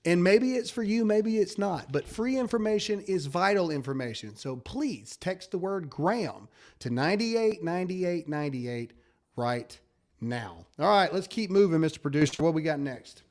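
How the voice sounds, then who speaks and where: A man with a slightly high voice hosts a casual talk show. He speaks emphatically, pleads with viewers and stumbles over repeated words as he goes. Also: animated, moderate pace, a little mellow. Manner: emphatic, pleading, repetitive stammers. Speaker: show host.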